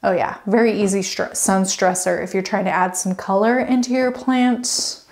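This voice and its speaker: A woman's voice: medium pitch, steady tone, moderate pace, darkish tone. A young woman vlogging a casual walkthrough of her plant collection at home, chatty and gushing, wandering off on tangents. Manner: chatty, rambling, goes off on tangents; bubbly, gushing.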